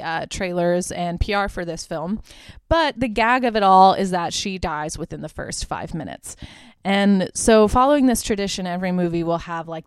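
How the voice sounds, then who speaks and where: A woman's voice: on the low side, smooth, no room sound. A young woman hosting a podcast, casually retelling movie scenes with lots of fillers and the odd swear word. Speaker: podcast host. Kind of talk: casual movie review chat.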